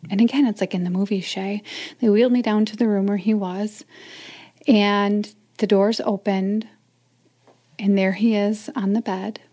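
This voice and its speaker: A middle-aged woman, a mother of four, telling a personal story as an interview guest, often sinking to a near whisper. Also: medium pitch. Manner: soft, often drops to a whisper.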